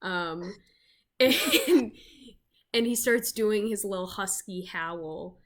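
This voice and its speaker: Slow, halting woman game master. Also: medium pitch. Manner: slow, halting narration with many fillers. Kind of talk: narrating a tabletop game.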